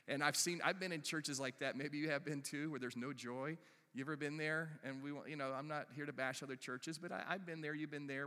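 A man preaching a sermon as pastor, earnest and emotional, with quick asides to the congregation. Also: medium pitch, fairly bright tone. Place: church sanctuary. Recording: hall reverb.

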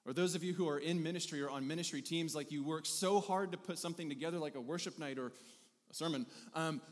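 A man's voice: a little high, fast. Man preaching in a reverberant hall. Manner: animated, conversational preaching with repeated phrases. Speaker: pastor. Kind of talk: sermon.

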